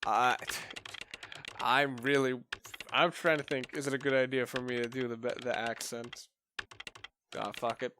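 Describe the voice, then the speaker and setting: A young man giving let's play commentary, excitable and thinking out loud, swearing a lot. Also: medium pitch, unhurried, long pauses, background noise.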